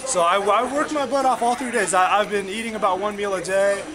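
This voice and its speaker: Excited Texan videographer before a loud crowd. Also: male voice, high-pitched, brisk. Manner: excited, rambling with restarts. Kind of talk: casual interview. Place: outdoors at a convention at night.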